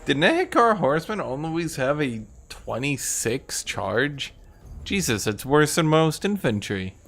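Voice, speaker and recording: A man's voice: fairly high pitch, sing-song, measured pace, a bit bright, a little hiss or hum. A young man streaming a strategy game, talking offhand and sardonic, swearing casually as he comments.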